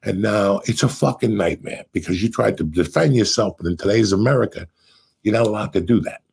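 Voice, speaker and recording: A middle-aged man hosting a podcast, telling stories in a profane, animated way and acting out what people said. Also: on the low side, brisk, gravelly, slightly rough. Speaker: podcast host. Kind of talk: casual storytelling chat.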